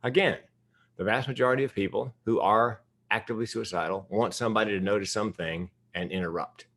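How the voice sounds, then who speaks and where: A man's voice: fairly low pitch, steady tone, fast, fairly bright tone. An older man giving a humorous keynote speech, telling stories candidly with self-deprecating humor. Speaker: keynote speaker.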